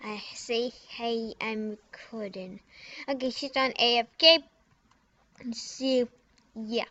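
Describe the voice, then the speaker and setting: A woman's voice: on the high side, bright, forceful tone. A young woman giggling and mumbling as she records a prank game video, typing at her computer. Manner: giggly, halting, mumbles and trails off. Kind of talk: casual giggly commentary while typing. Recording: dull lo-fi computer mic.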